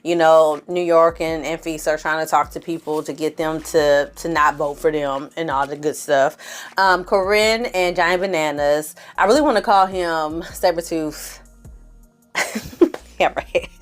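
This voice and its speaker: A woman casually recapping a reality TV episode in an animated, sassy way, with slangy asides and acted-out quotes. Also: low-pitched, a little slow.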